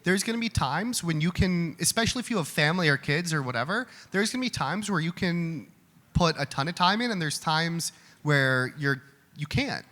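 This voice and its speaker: Guy taking questions at an event, candid and chatty, bright voice, echoey hall. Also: a little high, expressive, normal speed. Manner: candid, conversational, repeats words when restarting. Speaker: trading speaker answering audience questions. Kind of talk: live Q&A talk. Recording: hall reverb with faint room noise.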